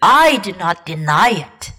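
A woman reading aloud, voicing a wise male lion king who speaks gravely and calmly. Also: lowish voice, voice pushed down, heavily acted, low-quality recording. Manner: grave and measured.

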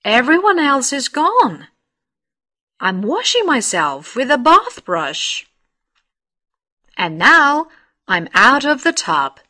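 Woman reads an imaginative little boy in a storybook, bright and very slow. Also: sits high, sing-song, full character voice. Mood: insistent. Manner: slow, clearly read storybook lines. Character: young boy Harry, insistent and imaginative.

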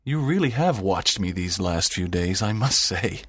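An actor playing a sad, lonely, strict middle-aged teacher in an audiobook drama, speaking in a grave, measured way. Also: male voice, sits low, expressive, a bit bright, husky, no echo, clean studio sound, full character voice. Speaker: narrator's teacher.

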